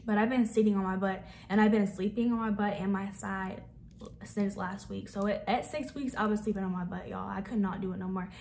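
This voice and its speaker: A woman's voice: mid-range voice, steady tone, brisk, gravelly, a little mellow, a little hiss or hum. A young woman, chatting casually in a rambling Q&A vlog full of fillers. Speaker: vlogger.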